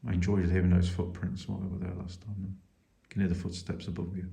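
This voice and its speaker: A man's voice: deep voice, little pitch movement, fairly quick, creaky, mellow. A man on a paranormal investigation, talking casually with dry, thoughtful remarks and calling out into an old building at night. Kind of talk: casual chat. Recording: echoey room.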